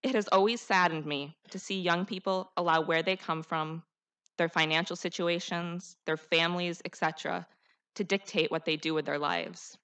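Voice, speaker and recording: A woman's voice: on the low side, steady tone, moderate pace, a bit bright, clear, resonant tone. Earnest teenage girl giving a graduation speech. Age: teens. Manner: earnest, heartfelt, rousing. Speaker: student speaker, salutatorian.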